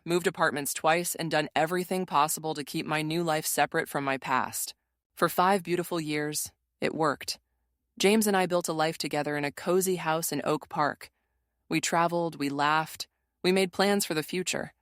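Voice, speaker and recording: Female narrator with a low voice, measured and steady, reading a dramatic first-person story, dry booth sound. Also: no echo.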